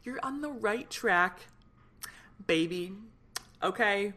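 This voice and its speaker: Young female podcast host, fired-up casual venting, rambly, mid-pitched voice. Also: slow pace. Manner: fired up, animated, rambling with many fillers.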